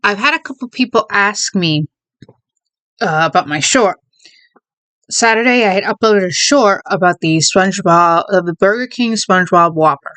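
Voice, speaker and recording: A woman's voice: mid-range voice, normal speed, a bit bright, dry recording. A woman casually chatting in a vlog, out of breath, rambling and correcting herself with a slight stutter. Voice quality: mild stutter. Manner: rambling, self-correcting, laughs often. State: out of breath, holding in a sneeze. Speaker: video creator.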